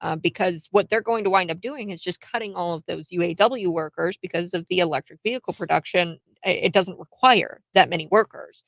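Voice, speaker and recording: A woman hosting a political talk show, chatty and quick to laugh between points. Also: on the low side, creaky, no room sound. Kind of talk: casual political chat.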